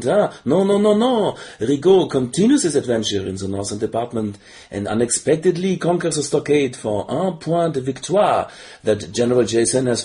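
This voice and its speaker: A man's voice: mid-range voice, dark tone. Teasing, mock-dramatic game narrator man. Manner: mock-dramatic, teasing, drops in French phrases. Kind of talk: playful recap narration.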